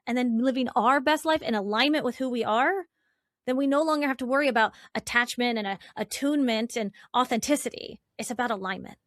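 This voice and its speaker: A woman relationship coach, a guest in an interview, talking in an animated, chatty way with lots of "like" and "right?". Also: fairly high pitch, fairly quick, dry recording, studio quality. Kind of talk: conversational interview.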